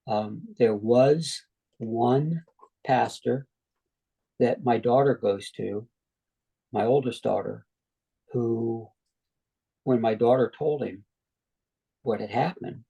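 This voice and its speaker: A middle-aged man, a guest on an interview show, telling his near-death story in a relaxed way, with frequent "you know" asides. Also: medium pitch, gravelly, breathy edge, poor audio.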